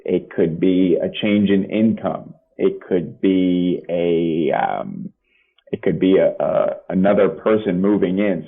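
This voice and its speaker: A man, a family law attorney and podcast guest, explaining legal points plainly with practical examples. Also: deep voice. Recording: tinny phone-like line.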